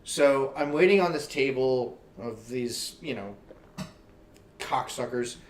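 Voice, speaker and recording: A man hosting a casual interview show, telling a story in a profane, animated way. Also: medium pitch, takes it slowly, roomy sound, far from the mic. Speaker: host.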